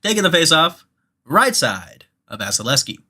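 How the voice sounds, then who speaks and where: A bright, sharp-edged voice calling a hockey video game play by play, swinging between quick announcer patter and cursing outbursts at bad passes. Loose, excitable and unfiltered, as if streaming a match alone. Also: medium pitch. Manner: excitable, profane, yells at the game. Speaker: gamer commenting own match.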